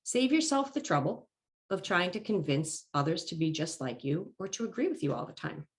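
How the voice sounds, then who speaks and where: A woman giving a talk as a life coach, calm and encouraging, slightly congested from allergies and clearing her throat now and then. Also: fairly low pitch. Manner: calm, encouraging and measured, stressing key phrases. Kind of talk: presented talk.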